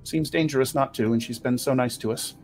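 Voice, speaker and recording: A man voicing a shy, soft-spoken little animal companion in a tabletop game. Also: medium pitch, a little fast, vocal fry, soft background music, lightly acted. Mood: gentle.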